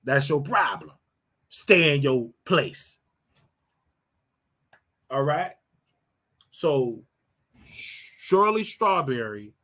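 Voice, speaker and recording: A man's voice: medium pitch, fairly bright tone. An older man hosting his own show, giving a brash, scolding commentary monologue and drawing out words for emphasis. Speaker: show host.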